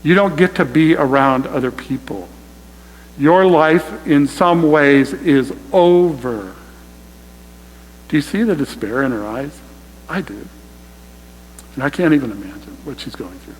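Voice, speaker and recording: A man's voice: a little high, animated, measured pace, pauses often, in a large hall, slight background noise, rough recording. A man preaching a sermon to his congregation, emphatic and direct, often calling them "you guys". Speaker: pastor. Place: church sanctuary.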